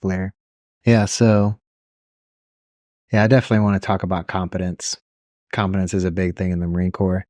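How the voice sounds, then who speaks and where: A man co-hosting a podcast, chatting casually and telling animated stories, often mimicking people in a higher voice. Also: brisk, pauses often, dry recording. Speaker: podcast co-host. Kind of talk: casual chat.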